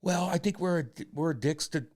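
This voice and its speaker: A man in his forties co-hosting a podcast, telling a personal story in a rambling, profane way that turns loud and heated. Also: a little high, brisk. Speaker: podcast co-host. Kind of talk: candid casual chat.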